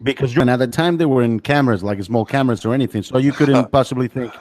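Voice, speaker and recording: Male interviewer, mid-pitched, rapid stumbling follow-up questions. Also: a little mellow. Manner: quick, stumbling questions, repeats words.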